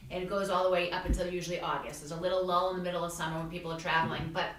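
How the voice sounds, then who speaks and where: A woman hosting a casual podcast, chatting like a seasoned real estate agent who tells lively stories. Her voice sits a little back from the mic. The room around her rings noticeably. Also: fairly low pitch, racing, slight background noise. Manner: chatty storyteller, acts out quotes. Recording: echoey room, mic at a distance.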